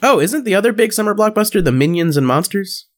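Fast, lively male podcast voice. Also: high-pitched. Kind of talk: casual chat.

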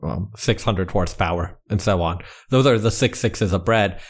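A man's voice: low-pitched, normal speed. A man improvising an anxious bread company executive, talking in an earnest, mock-serious way. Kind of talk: improvised comedy role-play.

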